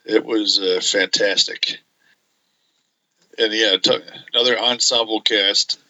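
A male podcast co-host with a very bright, sharp voice, talking in halting, stop-start phrases. He speaks with enthusiasm in casual chat. The sound is a bit dull and lo-fi. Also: fairly low pitch, fairly even intonation. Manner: halting, many fillers and restarts, enthusiastic.

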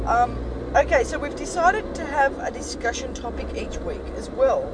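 A woman's voice: high voice, expressive, normal speed, music in the background. Australian woman, podcast co-host, giggly, storytelling, in a car. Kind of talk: casual chat. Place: in a moving car.

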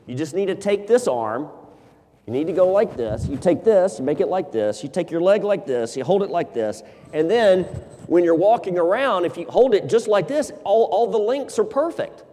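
A man playing a smooth-talking tailor who coaxes a customer to keep a bad suit. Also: high-pitched, lively intonation, normal speed, warm tone, slight background noise, voice pushed up. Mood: coaxing. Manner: coaxing, salesman-like. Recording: long hall reverb.

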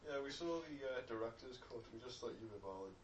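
A man making excitable, giggly asides while watching a film with friends. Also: mid-range voice, a little fast. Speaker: co-host of a film commentary. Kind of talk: casual movie-watching banter. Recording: echoey room, mic far off, chatter behind.

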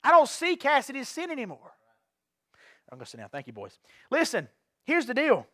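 A man's voice: very high voice, wildly swooping pitch, moderate pace, a bit bright, no echo, studio quality. A man preaching an evening sermon to his congregation. He is earnest, repeats and restarts phrases, and puts questions to the listeners. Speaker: pastor. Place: church sanctuary.

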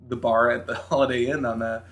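His voice sits in the mid-range and moves a little fast. The podcast guest from New Hampshire shares a story casually, acting out quotes with lively energy.

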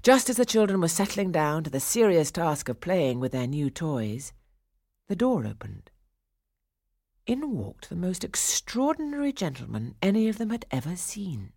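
A woman narrating a storybook in an expressive, measured storytelling manner. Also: on the low side, dry recording, clean studio sound.

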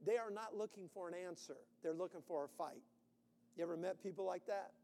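A man preaching a sermon, animated, acting out quotes with sudden loud bursts. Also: high-pitched, fairly quick, creaky, long reverb tail. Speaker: pastor.

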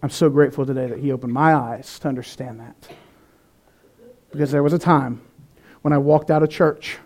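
A man's voice: medium pitch, fairly even intonation, fairly quick, a little mellow. A man preaching a sermon in an earnest, conversational way, with some restarts. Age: adult, past eighteen.

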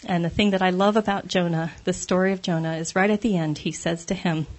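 Husky-voiced woman giving a candid devotional talk. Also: on the low side, steady tone, fairly quick, a little mellow. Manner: candid, self-deprecating, laughs often. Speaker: speaker sharing a devotional talk.

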